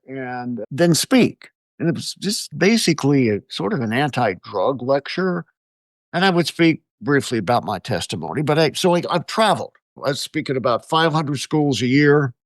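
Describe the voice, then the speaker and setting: A man's voice: on the high side, moderate pace, no room sound, clean studio sound. An older American man, an exorcist guest, telling stories in an interview with frequent chuckles. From United States. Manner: animated storyteller, chuckles often. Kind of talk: storytelling interview answers.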